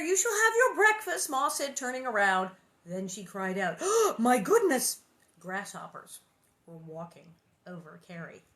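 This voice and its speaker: A woman reading a children's book aloud, breaking off for squeamish, jokey asides. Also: fairly high pitch. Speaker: reader.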